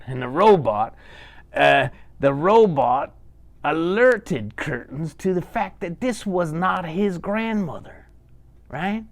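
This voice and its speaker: A man telling a children's bedtime story in an animated, chatty way, often repeating his words. His voice is gravelly and swings widely in pitch. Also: takes it slowly. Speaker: puppeteer storyteller.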